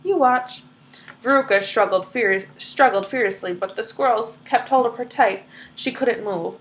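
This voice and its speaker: A woman's voice: mid-range voice, moderate pace. A woman reading a children's book aloud, stopping for chatty explanations. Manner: chatty asides full of "like".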